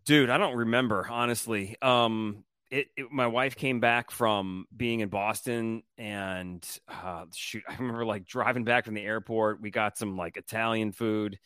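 A man's voice: fairly low pitch, fairly even intonation, a little slow, hardly any pauses, fairly bright tone, clean tone, no echo, studio quality. A man in his thirties co-hosting a podcast, chatting casually in an upbeat, joking way with many "um"s. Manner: upbeat, jokey, hesitant fillers. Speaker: podcast co-host. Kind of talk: casual chat.

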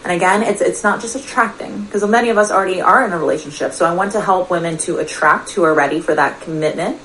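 A woman with a lowish voice gives an earnest, confiding motivational talk. She speaks as a coach, turning often to ask her listeners pointed questions. A faint hiss sits under her voice. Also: fast talker, a bit bright, poor audio. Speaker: personal development coach. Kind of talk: motivational direct-to-camera talk.

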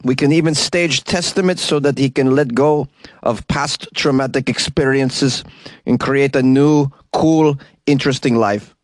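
A man voicing a stiff male company spokesman in a put-on Russian accent, speaking slowly and formally in a deliberately clumsy way. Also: medium pitch, steady tone, dry recording, lightly acted.

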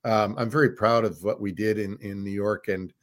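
A man's voice: fairly low pitch, level tone, moderate pace. An older man, a former hockey general manager, answering interview questions frankly, with frequent uh and um hesitations.

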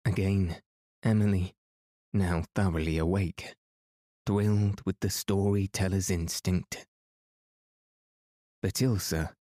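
A man narrating a classic novel as a calm sleep story podcast reading. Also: low-pitched, no echo, clean studio sound. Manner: slow, calm and even. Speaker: podcast host and reader.

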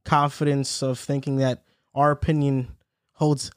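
A man's voice: a little high, darkish tone, dry recording, clean studio sound. Upbeat young man hosting a sports podcast. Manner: laughs while telling stories, reads lists quickly. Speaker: podcast host. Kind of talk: casual sports chat.

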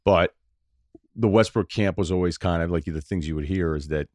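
A man appearing as a podcast guest, talking basketball in quick, animated stories packed with fillers. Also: low voice, no echo, clean studio sound. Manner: rapid, animated storytelling with lots of fillers. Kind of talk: casual sports chat.

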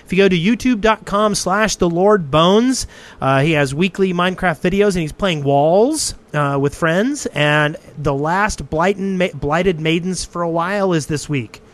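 Chatty podcast host, higher voice. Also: male voice, expressive, a little slow. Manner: chatty, laughs often, runs the segments. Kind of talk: casual podcast chat.

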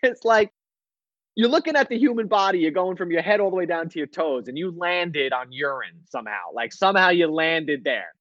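A man with a fairly high voice tells a story in loose podcast chat, jumping between the voices of himself and others. He laughs as he goes, and the sound is dry and slightly muffled. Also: fairly quick, dry recording. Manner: animated, acts out both sides of a story, laughs often. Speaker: podcast co-host, comedian.

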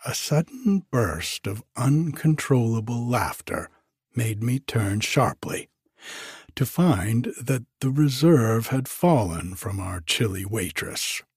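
A man narrating an audiobook in a measured, even way. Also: medium pitch, breathy edge, dry recording, studio quality.

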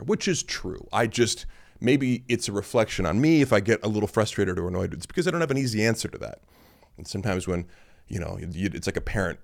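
A man's voice: on the low side, expressive, fairly quick, creaky. A man around forty hosting a podcast, talking in a blunt, sarcastic and casual way, with offhand fillers. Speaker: podcast host and lifting coach. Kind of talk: casual monologue.

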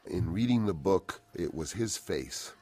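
A man in his sixties giving a relaxed, rambling film commentary full of anecdotes. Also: low voice, measured pace, husky. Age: 60s. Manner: rambling and relaxed, acts out quoted voices. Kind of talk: DVD audio commentary, anecdotal storytelling.

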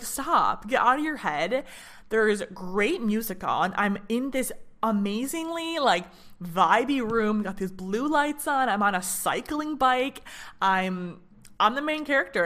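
A young woman from Michigan talks through her own podcast in a relaxed, chatty way. She is bubbly and loose, with filler "likes" and lively acted-out quotes of herself, at a middle pitch. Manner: bubbly, chatty, full of "like" and playful self-quotes. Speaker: podcast host. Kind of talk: casual solo podcast talk.

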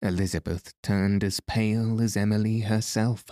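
A man narrating a novel in a calm, measured storytelling style. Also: on the low side, no echo, clean studio sound. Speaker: audiobook narrator.

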